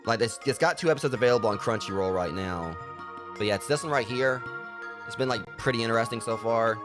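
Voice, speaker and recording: A man's voice: medium pitch, fast, music in the background. A man giving casual gameplay commentary as a let's play host, rambling with lots of fillers.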